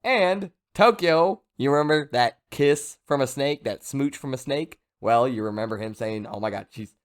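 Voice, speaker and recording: A man's voice: mid-range voice, normal speed. Rambling casual male manga reviewer. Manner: rambling, joking asides, frequent fillers. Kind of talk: casual recap commentary.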